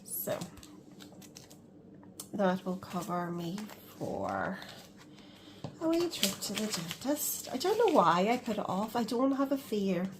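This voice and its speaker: A woman's voice: medium pitch, wildly swooping pitch, takes it slowly, pauses often, background noise. A woman chatting casually in a budgeting vlog, counting cash aloud and laughing at herself. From Scotland. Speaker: budgeting vlogger.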